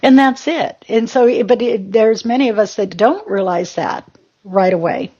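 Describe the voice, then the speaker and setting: Woman host of a spiritual show, husky, rambling and self-mocking, on a dull lo-fi recording. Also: fairly high pitch, measured pace, mellow. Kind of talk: casual spiritual talk.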